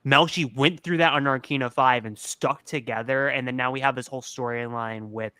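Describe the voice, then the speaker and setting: A man's voice: medium pitch, steady tone, a little fast, sharp tone, smooth, no room sound. A man co-hosting a casual fan podcast, rambling and packing his talk with "like". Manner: rambling, heavy use of "like" fillers. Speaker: podcast co-host.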